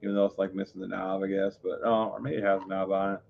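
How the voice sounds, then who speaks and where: A man on a live stream, rambling through his thoughts with plenty of fillers and self-corrections. His voice sits on the low side, and the sound is a bit muffled and lo-fi. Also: flat delivery, quick pace, creaky, slight background noise. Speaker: livestreamer. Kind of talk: casual live-stream chat.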